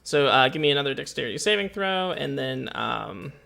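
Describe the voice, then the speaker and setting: A man running a tabletop game as game master, narrating in a relaxed, hesitant way full of filler words. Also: mid-range voice, fairly quick, creaky, soft background music. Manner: relaxed, hesitant, lots of uhs and laughs.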